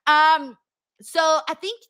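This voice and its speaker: A woman's voice: high voice, fairly even intonation, slow pace, pushed and bright. A woman hosting a casual live stream, chatting and reading viewer comments aloud with lots of ums. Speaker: host reading live chat.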